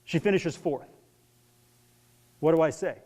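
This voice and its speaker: A man's voice: fairly high pitch, a little slow. A middle-aged man giving a talk to an audience, telling stories and acting out scenes as he goes. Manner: animated storyteller who acts out scenes. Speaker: speaker on parenting young athletes.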